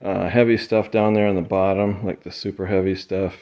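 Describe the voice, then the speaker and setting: A man's voice: deep voice, brisk. A man from the Midwest vlogging about his eBay reselling in a casual, rambling way, tired and sweating in an insulated garage. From American Midwest. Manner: relaxed, rambling, chatty with fillers. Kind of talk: casual vlog talk.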